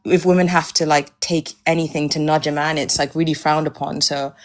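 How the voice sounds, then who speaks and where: A woman's voice: deep voice, steady tone, brisk. A woman from Nigeria, calling in for dating advice and speaking hesitantly and self-deprecatingly. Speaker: caller. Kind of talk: casual chat.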